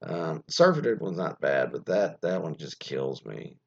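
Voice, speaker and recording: Very deep, creaky, and a little mellow with a breathy edge, this man's voice swings widely in pitch as he speaks unhurriedly over dull audio. On his internet radio show he reads an article aloud as casual solo commentary, wandering off into asides, fillers, and muttered remarks.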